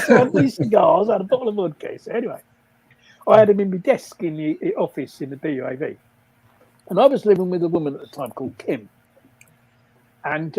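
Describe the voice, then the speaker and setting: A man's voice: sits high, warm tone, slightly rough, low-quality recording. An older man, telling rambling stories in casual chat on a livestream, often laughing and acting out the people he quotes. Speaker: livestream guest storyteller.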